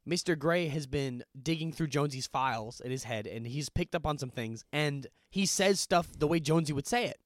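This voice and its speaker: Man, podcast co-host, quick talker, mid pitch, dry sound, blunt and casual. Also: no echo. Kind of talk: casual movie discussion.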